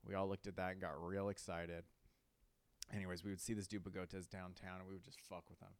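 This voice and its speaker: Talking a little fast in a low, level voice, a young man hosts a podcast and spins loose, wandering stories. He swears freely and says "like" constantly. There's no echo.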